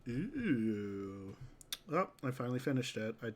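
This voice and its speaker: Live on stream with a mobile game, this man keeps things relaxed, answering his chat and dropping "dude" constantly. His mid-range voice is sing-song and darkish in tone, and his delivery is a little slow.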